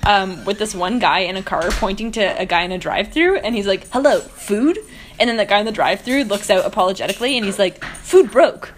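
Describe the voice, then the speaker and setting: A young woman co-hosting a casual podcast, giggly and animated as she tells stories. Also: medium pitch, slight background noise. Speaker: podcast co-host. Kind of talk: casual chat.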